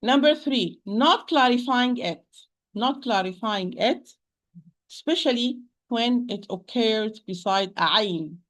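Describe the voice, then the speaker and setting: Slow, patient Arabic-accented woman teaching. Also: a little high, fairly bright tone. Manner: patient, repeats sounds slowly to demonstrate; addresses listeners as "my dear sister". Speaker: Quran recitation teacher. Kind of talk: pronunciation lesson.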